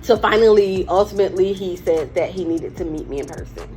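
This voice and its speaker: A woman's voice: on the low side, a little fast, dark tone, faint music behind. A woman in her forties, a firearms instructor, telling her story candidly in a casual interview. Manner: candid storytelling, breaks into laughter retelling.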